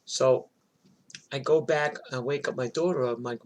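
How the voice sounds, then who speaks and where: A man telling a story in a casual, animated, chatty way. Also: mid-range voice, moderate pace.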